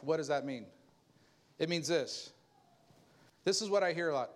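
A man preaching a sermon, talking straight to his congregation in a loose, conversational way and acting out the people he quotes. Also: normal speed. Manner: animated, jumps into a higher voice to act out quoted people; conversational preaching with asides and laughs. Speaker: pastor.

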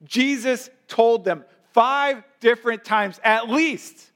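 A pastor delivers a sermon in a very high-pitched male voice. He leans hard on key phrases and slows down to drive them home. He is speaking to a church congregation. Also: a bit bright. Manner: emphatic preaching with rising stresses and slowed key phrases. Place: church service.

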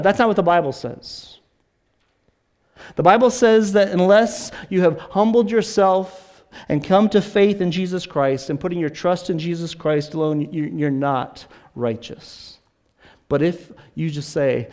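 A male preacher with a noticeably high voice delivers a sermon. He is earnest and insistent, doubling up words as he drives each point home to the congregation. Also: a little slow, darkish tone. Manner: earnest, repeats words when stressing a point.

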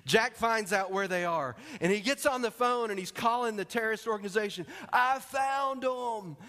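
A man preaching a sermon, telling a story in an animated way and acting out its scenes. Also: high voice, fairly quick. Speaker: pastor. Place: church sanctuary. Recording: long hall reverb.

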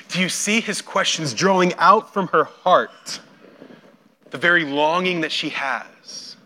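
A man's voice: on the high side, a little slow, slight background noise. A man preaching a sermon, retelling a scripture scene and acting out the voices in it. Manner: storytelling, acts out quoted voices with big swings in loudness. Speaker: pastor.

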